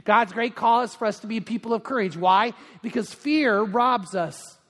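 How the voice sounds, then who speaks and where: A man's voice: high voice, normal speed, fairly bright tone, in a large hall. A middle-aged male pastor giving a sermon, telling stories in a chatty way with many fillers. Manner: anecdotal storytelling with frequent fillers.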